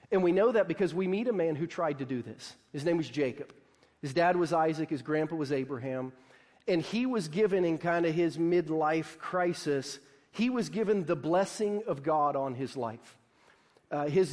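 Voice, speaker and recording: A man's voice: on the high side, darkish tone, in a large hall. A man preaching a sermon in a casual, conversational way, often saying "like" and acting out quoted voices. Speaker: pastor.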